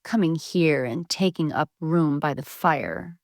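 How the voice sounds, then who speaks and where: A grumpy, sneering tom cat, voiced by a woman in a storybook. He drags his words out slowly and lets them hiss, low and dry. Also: a little mellow, no echo. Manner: slow, hissing and sneering.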